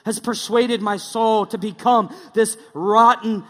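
Man doing a pompous old-timey bible voice, overwrought and high, echoing in a big hall. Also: fairly even intonation, slow pace. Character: pompous man speaking mock King James English.

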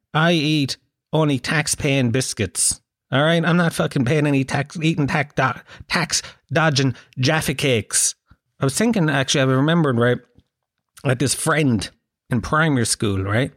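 An Irish man telling a comic, rambling monologue, animated and swearing freely as he asks the listener questions. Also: on the high side, no echo, clean studio sound. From Ireland. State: occasional cough.

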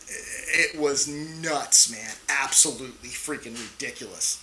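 A middle-aged man with a very bright, forceful voice tells a tense story from his Navy years, animated and swearing freely. He keeps checking in with "right?" as he goes, over a faint hiss of background noise. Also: a little high, normal speed, hardly any pauses, poor audio. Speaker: podcast guest, Navy veteran. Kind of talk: storytelling in a casual interview.

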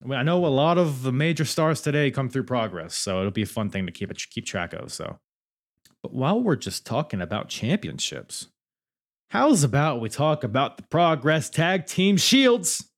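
A man's voice: mid-range voice, sing-song, normal speed. A man hosting a podcast, giving a casual, joking and sometimes profane recap of a show with many restarts. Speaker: wrestling podcast host.

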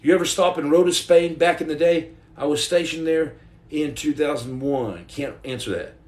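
A man's voice: on the high side, moderate pace, a little mellow, reverberant, far from the mic. A man in his forties hosting a casual livestream from home, rambling and joking while he paints and answers viewer comments. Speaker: livestream host. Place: indoor room at home.

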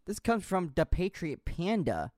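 Lively laughing man reading messages. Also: sits high, unhurried, no room sound, clean studio sound. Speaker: podcast host reading viewer messages. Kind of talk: casual chat.

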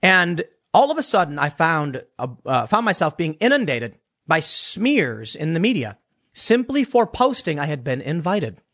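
A man's voice: fairly high pitch, very animated, moderate pace, fairly bright tone. A man ranting as a political commentator, sarcastic, dismissive and blunt. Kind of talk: casual opinion rant.

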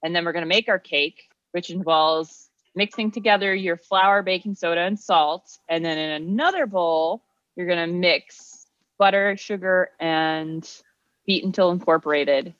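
A woman's voice: lowish voice, a little slow, fairly bright tone, dry recording. Woman podcast co-host, casual cooking chat, plain step-by-step explainer, dry lo-fi sound.

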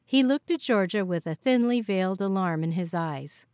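Female audiobook narrator, steady storytelling, medium pitch, dry booth sound. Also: normal speed, hardly any pauses, no echo. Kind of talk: scripted narration.

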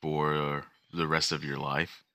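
A man's voice: extremely low pitch, level tone, takes it slowly, bright, forceful tone. A man co-hosting a podcast, joking and teasing in casual chat. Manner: playful, teasing banter. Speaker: podcast co-host.

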